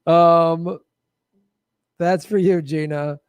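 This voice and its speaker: Male stream host, higher than average, dry close sound; loose, chatty sign-off, laughs easily. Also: fairly even intonation, extremely slow, clean tone, dry recording. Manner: loose, chatty, laughs often, thanks viewers by name. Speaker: livestream show host. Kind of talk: casual livestream sign-off chat.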